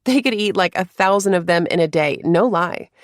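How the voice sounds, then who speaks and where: A woman narrating a first-person romance story in a soft, confiding way, with hushed asides. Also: lowish voice, expressive, normal speed, no echo, studio quality.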